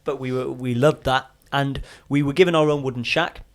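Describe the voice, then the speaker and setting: A young man, a podcast guest, telling a story in a casual, animated way with casual swearing and chatty asides. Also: mid-range voice, fairly quick.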